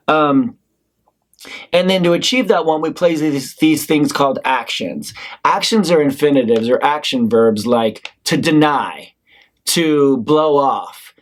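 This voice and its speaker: A male acting instructor giving a talk on scene breakdown in a casual, conversational way, now and then acting out short lines himself. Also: a little high. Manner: conversational, demonstrates lines in character. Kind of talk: acting class lecture.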